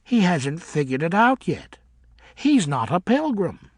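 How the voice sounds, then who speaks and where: A snide, impatient ghost bat, as a male narrator puts him on, raised high above the reader's own voice. His lines come bored and clipped, and the husky tone shows through. The sound is dry and close. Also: sing-song, unhurried, dry recording, heavily acted. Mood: sarcastic.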